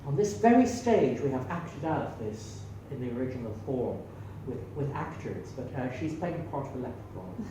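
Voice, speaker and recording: A man's voice: medium pitch, very animated, normal speed, hardly any pauses, warm tone. An Irish man in his sixties doing rambling, self-mocking stand-up comedy on a small stage. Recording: echoey room, distant mic, faint hum.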